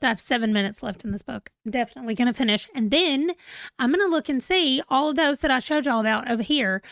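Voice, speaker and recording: Book channel host, woman, 40s, high bright voice, dry sound, chatty and rambling, reads viewer comments aloud. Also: dry recording. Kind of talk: casual livestream chat.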